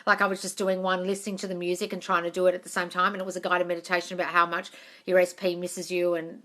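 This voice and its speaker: A woman with a bright, clear, lowish voice chats casually on a live Q&A stream, reading viewer comments aloud as she goes. Her pitch barely moves and her pace is quick. She's affectionate, calls viewers darling, and keeps repeating her points for emphasis.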